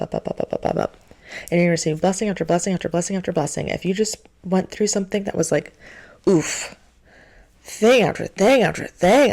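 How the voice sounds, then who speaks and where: Young woman vlogger, lowish gravelly voice, casual earnest pep talk. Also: a little mellow. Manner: earnest, repetitive, faith-filled reassurance. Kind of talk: casual encouraging monologue.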